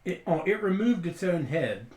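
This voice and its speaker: Game master guy narrating a tabletop game, slightly high voice, echoey room. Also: very animated, normal speed, darkish tone.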